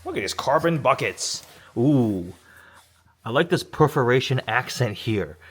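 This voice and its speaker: A man's voice: medium pitch, unhurried, husky. A man reviewing a sports car in a casual vlog, chatty and enthusiastic. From Michigan, USA. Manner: enthusiastic, chatty, rising excited exclamations. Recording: noisy outdoor car recording.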